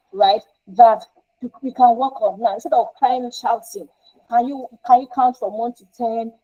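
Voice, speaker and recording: A woman's voice: a little high, warm tone, poor audio. A woman counsellor teaching parents in an informal, emphatic way, often repeating herself and checking in with "right?".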